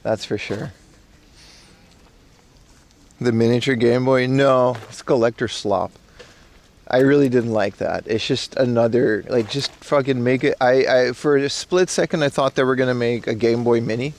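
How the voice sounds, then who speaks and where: A low-pitched male streamer with a gravelly, fry-heavy voice, talking to his chat while walking outdoors. He rambles in a loose, slangy way and answers messages as he goes. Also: moderate pace, a little mellow. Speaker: IRL streamer. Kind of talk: casual live-stream chat. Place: outdoors in a park in Japan.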